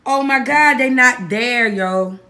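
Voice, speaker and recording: A woman, excitedly exclaiming and calling out names during a family prank at home. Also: a little high, takes it slowly, roomy sound. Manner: exclaims over and over, calls the kids loudly. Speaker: family vlogger. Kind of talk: playful family prank vlog. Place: home living room.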